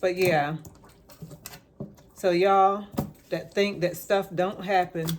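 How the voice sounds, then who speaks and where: A woman with a somewhat low voice talks her way through a home cooking vlog in her kitchen. Her chat is loose and rambling, and she repeats words to stress a point. A faint hum of noise sits behind her. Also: fairly even intonation, takes it slowly. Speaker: home cook vlogger.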